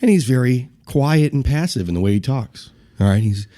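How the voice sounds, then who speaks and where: A man in his forties from the Buffalo area, telling a rough-and-ready story on a podcast, laughing often. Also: medium pitch, lively intonation, moderate pace, dark tone. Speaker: podcast co-host. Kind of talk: casual storytelling.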